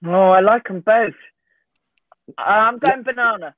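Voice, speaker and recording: A woman's voice: medium pitch, a little slow, dry recording. Muffled self-mocking woman on a call. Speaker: guest. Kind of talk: casual chat.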